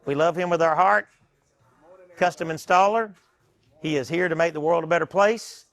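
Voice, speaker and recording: An earnest man pitches his store in a chatty, casual way and leans on scripture as he talks. His voice sits a little above the usual male range. He is the co-owner, speaking straight to camera. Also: moderate pace, a bit bright. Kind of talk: casual promotional talk.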